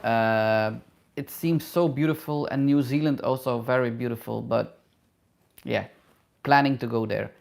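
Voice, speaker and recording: Slow-talking man hosting a live Q&A. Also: mid-range voice, vocal fry, a little mellow. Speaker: travel vlogger and hairdresser answering viewer questions. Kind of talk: live Q&A, casual chat.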